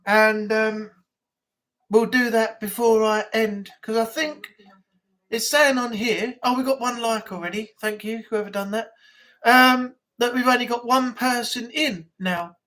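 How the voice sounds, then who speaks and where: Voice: mid-range voice, fairly even intonation, measured pace, a bit bright. A livestream host with a broad northern English accent chats casually to viewers. The talk rambles, with repeated words and plenty of fillers. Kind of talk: casual live chat.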